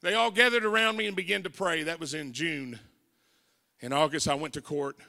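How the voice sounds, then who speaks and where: An older man preaching a folksy testimony sermon as an evangelist, telling stories and rising into shouted preaching. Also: fairly high pitch, brisk, vocal fry. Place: church sanctuary. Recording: long church hall reverb.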